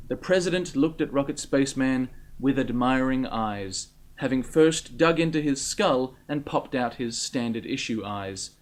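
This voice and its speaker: A man reading his own comic story aloud in a deadpan, dry narration. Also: mid-range voice, measured pace, hardly any pauses.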